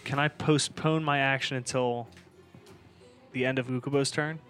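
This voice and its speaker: A man's voice: mid-range voice, fairly even intonation, moderate pace, a bit bright, soft background music. Unsure man asking game rules. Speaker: player. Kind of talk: casual tabletop play.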